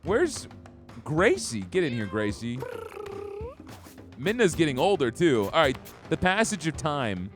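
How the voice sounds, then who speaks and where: Man, gaming commentary, excitable, jokey, lively, fairly high voice. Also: a little slow, long pauses. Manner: excitable, joking, reads game text aloud. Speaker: gaming streamer. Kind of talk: let's-play commentary. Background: game music.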